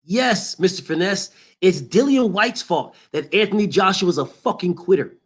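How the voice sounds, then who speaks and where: High-voiced man ranting about boxing. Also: expressive, normal speed, breathy edge. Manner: heated, emphatic, profane, repetitive. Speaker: boxing show host. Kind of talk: boxing commentary rant.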